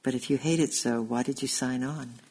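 Storybook role: male reader voices a worried young slave boy, husky and level. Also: medium pitch, steady tone, moderate pace, a little mellow, poor audio. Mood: anxious, curious.

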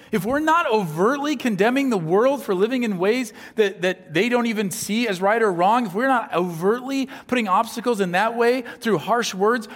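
A man from the upper Midwest preaching a sermon. He talks in a conversational way, with rhetorical asides, and acts out the voices he quotes. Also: high-pitched. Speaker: pastor. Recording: long hall reverb.

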